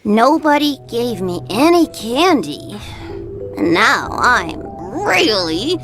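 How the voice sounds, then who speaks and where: A woman voicing a petulant masked girl animatronic with a dagger, whining and shouting, with a shrill, silly laugh. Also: big pitch swings, takes it slowly. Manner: whiny then shouting, swinging wildly in pitch. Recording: animatronic clip played back over loud music.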